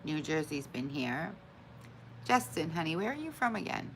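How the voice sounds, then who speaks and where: A woman with a low voice chats casually on her live stream, greeting viewers by name and answering their comments. She pokes fun at herself when she forgets things, and a faint hiss of noise sits under her voice. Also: sing-song, normal speed, fairly bright tone, low-quality recording. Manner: self-deprecating, laughs at her own forgetfulness. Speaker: livestream host.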